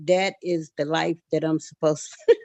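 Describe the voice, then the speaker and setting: A woman in a meeting, speaking slowly and thankfully to the host. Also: deep voice, fairly even intonation, warm tone, no room sound. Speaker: meeting participant.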